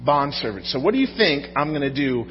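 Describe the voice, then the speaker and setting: A man's voice: a little high, big pitch swings, a little fast, a little hiss or hum. A man preaching a sermon to a congregation in a conversational way, often asking the audience questions. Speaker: pastor. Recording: dull sound with long hall reverb.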